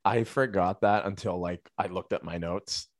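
A man's voice: sits low, fairly even intonation, moderate pace, no room sound, clean studio sound. A man co-hosting a casual podcast, telling a story in a rambling way full of fillers and restarts. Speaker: podcast co-host. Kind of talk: casual chat.

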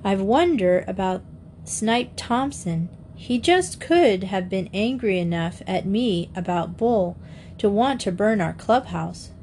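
A woman reads as a curious teenage girl sleuth who talks eagerly and with wonder. She keeps a mid-range voice and a slow pace. Faint noise runs behind her. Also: mid-range voice, expressive, darkish tone.

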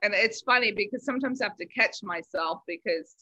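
A woman's voice: mid-range voice, a little fast, sharp tone, no echo. A woman from Los Angeles with a slight Southern lilt, chatting as an interview guest and filling her talk with "you know.". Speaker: guest, baker. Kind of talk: casual interview chat.

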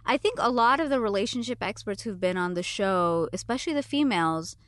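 Woman, 30s, casual chat, frank, animated, filler-heavy, dry close sound. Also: mid-range voice, brisk, no echo.

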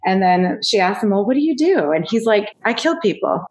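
A woman co-hosting a podcast, relaxed and chatty. She rambles through a story with lots of fillers and laughs along the way, swearing as she goes. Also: mid-range voice, fairly quick, poor audio. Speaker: podcast co-host. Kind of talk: casual storytelling.

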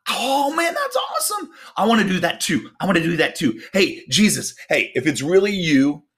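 Man doing a high squealing disciple, eager, jittery, shouting. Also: very animated, normal speed, exaggerated voice. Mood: thrilled. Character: excitable adult male disciple, eager and jittery.

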